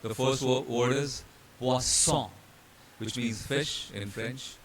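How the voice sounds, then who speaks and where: A man's voice: medium pitch, fairly even intonation, a little slow, a crowd in the background. Indian man walking through slides. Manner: explanatory, with fillers and restarts, spelling out letters. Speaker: hotel training instructor. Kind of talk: slide-based pronunciation lesson.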